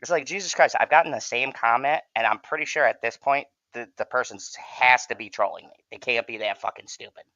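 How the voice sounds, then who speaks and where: A man's voice: medium pitch, a little fast, hardly any pauses, bright, forceful tone, no echo, lo-fi sound. A man hosting a live watch-along stream, chatting casually with lots of cursing and rambling jokes. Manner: profane, rambling, joking. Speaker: stream host.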